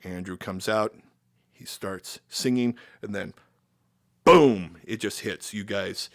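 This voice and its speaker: A middle-aged man with an American accent and a fairly low, creaky voice takes his time telling band stories as a podcast guest. In this casual chat he acts out quotes with sudden loud jumps, an animated storyteller. The studio-quality audio has no room sound.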